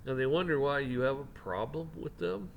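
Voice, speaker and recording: A man's voice: mid-range voice, moderate pace, gravelly, narrow, tinny audio, a little hiss or hum. A man hosting a commentary channel, giving a casual opinion rant, rambling and often repeating and restarting his words.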